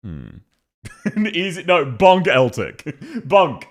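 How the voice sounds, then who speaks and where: An Australian man streaming and casually reacting to voice clips, blunt and quick to laugh, swearing freely. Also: fairly high pitch, huge pitch swings. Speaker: streamer reviewing voice acting.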